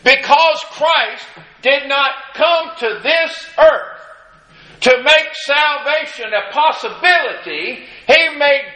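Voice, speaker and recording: A man's voice: very high voice, lively intonation, slow, pushed and bright, reverberant, low-quality recording. A man preaching a sermon, impassioned and repetitive, with emphatic refrains and many restarts.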